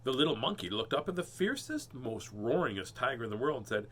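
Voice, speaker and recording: A man's voice: mid-range voice, fairly quick, hardly any pauses, slightly rough. A man hosting a playful picture-book read-aloud, full of puns and jokey asides. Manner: jokey, punning, animated asides. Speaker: host reading picture books aloud.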